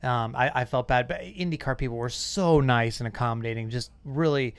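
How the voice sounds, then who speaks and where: A man's voice: medium pitch, fairly quick, smooth, no echo. A middle-aged man hosting a podcast, chatting casually and telling stories with quoted asides. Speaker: podcast host. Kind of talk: casual chat.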